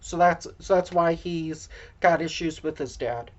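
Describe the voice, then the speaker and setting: A woman casually recapping a movie plot, halting with many fillers and self-deprecating asides, heard on a dull lo-fi recording. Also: sits low.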